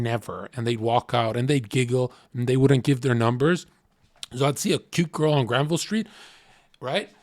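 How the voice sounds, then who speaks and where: A man's voice: medium pitch, no room sound, studio quality. Brash, profane streamer man. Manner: brash, profane, animated storyteller. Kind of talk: livestream rant.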